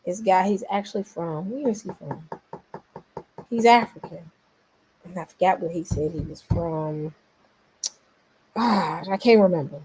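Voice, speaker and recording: A woman from Memphis with a Southern accent, hosting a casual commentary vlog, animated and rambling as she talks straight to her viewers. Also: lowish voice, measured pace, pauses often, a little hiss or hum. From Memphis, Tennessee. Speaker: vlogger host.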